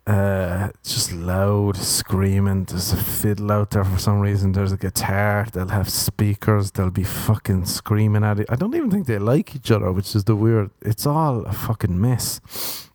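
Irish man, low-ish voice, dry close sound, sweary deadpan ranting comic. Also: no echo. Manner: sardonic, profane, self-mocking. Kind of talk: comic rant.

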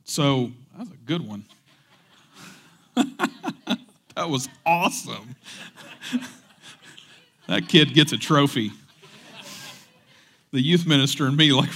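Preaching in a casual style, this young pastor reads scripture, cracks jokes on the side and stumbles through fillers and restarts. His voice is medium-pitched and fairly bright, and he takes it slowly with frequent pauses.

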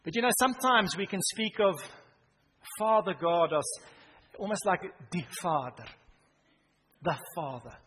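A man delivers a sermon in a church hall, his voice sitting a little high for a man. He swings between loud emphatic lines and soft, hushed asides. The long hall reverb and faint background noise hang around every phrase. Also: animated, measured pace. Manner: dramatic swings from loud emphasis to near-whisper. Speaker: pastor.

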